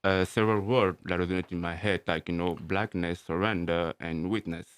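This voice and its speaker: Deep-voiced man with a French accent. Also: steady tone, clean tone. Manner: halting non-native English, searches for words. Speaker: radio host interviewer. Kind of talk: casual interview. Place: radio studio.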